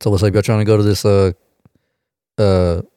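A young man hosting a podcast, telling crude stories in a loose, animated way and shouting out his quotes. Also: lowish voice, moderate pace, clear, resonant tone, no room sound, studio quality. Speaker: podcast host. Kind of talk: casual podcast chat.

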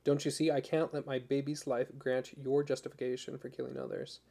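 An exhausted young woman in hard labor holds her ground in this storybook reading, soft yet unbending, as a man voices her. Her voice is low, gravelly and mellow, with no brightness to it. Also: brisk. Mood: quietly determined. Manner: soft, steady, firm. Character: exhausted young pregnant woman, quietly defiant.

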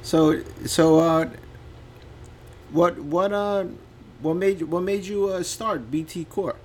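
A man's voice: sits high, slow pace, darkish tone. A man hosting an internet radio show, chatting with a guest in an eager, loose way. He often stumbles and repeats words mid-question. A faint hiss sits under his voice.

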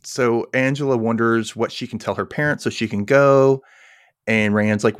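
A man's voice: lowish voice, moderate pace, clear, resonant tone, no echo, clean studio sound. A man hosting a podcast, chatting casually through an episode recap and acting out the characters' lines. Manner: animated, acts out characters' lines in raised voices. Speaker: podcast host.

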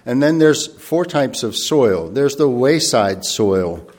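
A man delivering a church sermon at a middle pitch. He speaks thoughtfully and earnestly, pausing to rephrase himself. Scripture passages come out slow and formal. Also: very animated, a little mellow. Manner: reads scripture aloud slowly and formally. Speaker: preacher.

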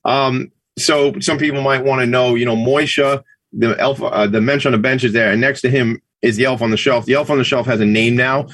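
A man's voice: mid-range voice, fairly even intonation, fairly quick, fairly bright tone, dry recording. A man co-hosting a show, chatting casually in a playful, joking way. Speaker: podcast co-host. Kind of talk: casual chat.

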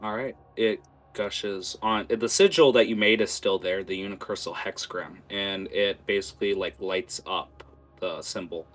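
A man's voice: sits low, normal speed, a bit bright. A man running a tabletop game as game master, narrating scenes vividly with many fillers.

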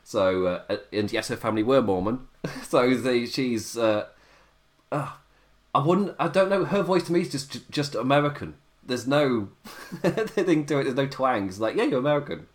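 A man's voice: mid-range voice, expressive, measured pace. A man with an English accent, chatting casually about wrestling as a podcast co-host, laughing often as he rambles. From England.

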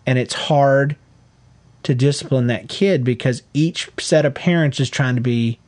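A man's voice: medium pitch, a little slow. A middle-aged man co-hosting a podcast, giving earnest, folksy parenting advice in casual chat. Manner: earnest, folksy, animated when acting out quotes. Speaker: podcast co-host.

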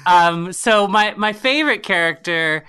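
A woman with a bright, clear voice, chatting as a podcast guest. She tells her stories animatedly, often breaking into laughter. Her pitch sits in an ordinary middle range. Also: unhurried. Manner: animated storytelling with frequent laughs. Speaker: podcast guest, writer and storyteller. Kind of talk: casual interview chat.

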